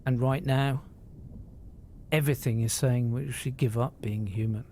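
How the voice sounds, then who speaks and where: A man's voice: medium pitch, fairly even intonation, a little slow, mellow, slight background noise. A man, talking to live-stream viewers in an earnest, emotional, rambling way, swearing freely and often restarting his sentences.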